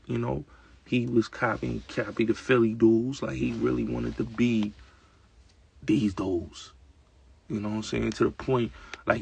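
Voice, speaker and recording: Man, very gravelly raspy voice, host talk, emphatic streetwise monologue. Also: medium pitch, a little mellow. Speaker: show host. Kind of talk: casual opinionated monologue.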